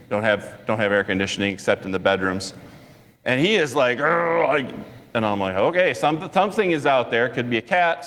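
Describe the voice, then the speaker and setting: A man pastor preaching a sermon, telling a personal story in a lively way with chuckles and asides. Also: medium pitch. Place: church sanctuary. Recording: long church reverb.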